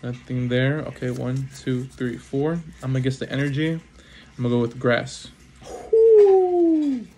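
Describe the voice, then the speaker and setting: A man giving casual unboxing commentary as he opens trading card packs, reading off cards one by one and breaking into excited exclamations and quick apologies. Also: mid-range voice, slight background noise. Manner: names cards one after another, bursts into excited exclamations, apologizes often. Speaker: trading card pack opener.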